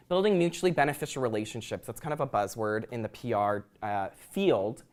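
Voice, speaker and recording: A young adult man, a student speaker, delivers a prepared talk to an audience in a medium-pitched voice. He moves briskly with hardly any pauses, sounding earnest and reflective, with the occasional um.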